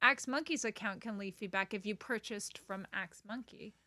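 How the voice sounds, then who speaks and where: A woman's voice: medium pitch, normal speed, bright, forceful tone, no room sound, clean studio sound. A woman co-hosting a podcast in casual, chatty conversation. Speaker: podcast co-host. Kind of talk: casual chat.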